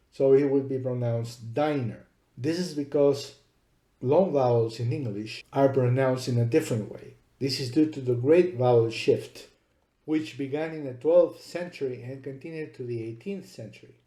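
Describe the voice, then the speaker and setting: A man's voice: mid-range voice, dark tone. A man giving a methodical explanatory lecture, spelling out letters one by one. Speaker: teacher. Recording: echoey room.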